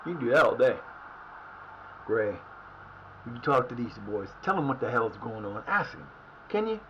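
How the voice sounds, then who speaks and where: A man streaming a football management game live, cursing and shouting at his players. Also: medium pitch, moderate pace, dull audio, slight background noise. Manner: animated, swears, yells at the game. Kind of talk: live gameplay commentary.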